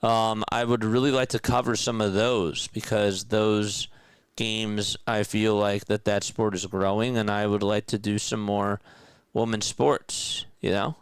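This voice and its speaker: A young man streaming casual radio-style play-by-play, chatting with viewers in a relaxed way between calls. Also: on the low side, a little slow, smooth, no echo.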